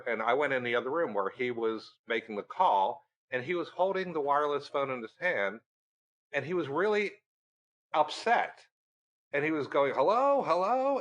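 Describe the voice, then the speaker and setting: Man telling a lively anecdote. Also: medium pitch, highs cut off. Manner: animated storyteller, acting out quoted dialogue with laughs. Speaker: research center director, guest. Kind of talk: storytelling in a podcast interview.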